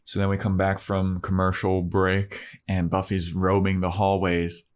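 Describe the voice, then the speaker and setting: A man's voice: low-pitched, monotone, measured pace. A young man co-hosting a podcast, casually recapping an episode and acting out the characters' lines with swearing and laughter. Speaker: podcast co-host.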